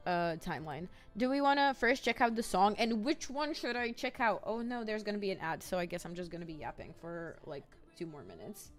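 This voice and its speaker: A woman streamer chatting casually and rambling as she reads chat messages aloud. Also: medium pitch.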